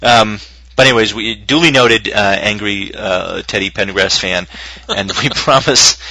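Rambling, profane podcast host, husky. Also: male voice, on the low side, moderate pace, bright, forceful tone, no echo, low-quality recording. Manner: profane, rambling, laughs a lot. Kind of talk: casual podcast banter.

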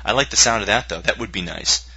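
A man talks sports on a casual podcast, jokey and lively. His voice is sharp and bright, with a husky edge. The audio is dull and lo-fi. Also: fairly low pitch, fast talker. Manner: jokey, animated, slips into silly voices. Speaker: podcast co-host.

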